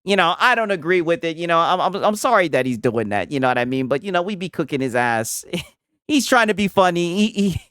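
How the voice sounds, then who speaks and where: Mocking streamer with a lively voice. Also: male voice, on the high side, brisk, clean tone, no room sound, studio quality. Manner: mocking, repetitive, tags lines with "right?". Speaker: streamer host. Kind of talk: live stream reaction chat.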